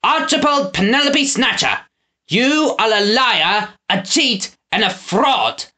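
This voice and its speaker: A man voicing a pompous aristocratic lord in an audiobook, blustering and shouting. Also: fairly high pitch, expressive, a little slow, exaggerated voice. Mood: furious.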